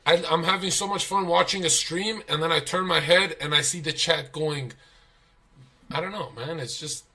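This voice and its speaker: At a moderate pace and slightly high pitch, a young man guesting on a livestream spins animated stories full of swearing and laughs, imitating what others said during the casual chat.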